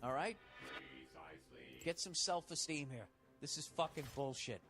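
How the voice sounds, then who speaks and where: A man delivers comic relationship advice as a swearing, sarcastic rant, his voice pitched a little higher than most men's. He talks bluntly and mocks the letter writer. Loud music plays behind him the whole time. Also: a little slow. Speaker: advice show host.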